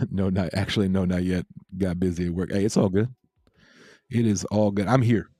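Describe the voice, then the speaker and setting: A relaxed man chats through a livestream in a low, mellow voice. He rambles easily, repeats his phrases and greets viewers from the chat. The sound is dry and close. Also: moderate pace, breathy edge, dry recording. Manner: laid-back, repeats himself, reads chat aloud. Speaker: crypto livestream host.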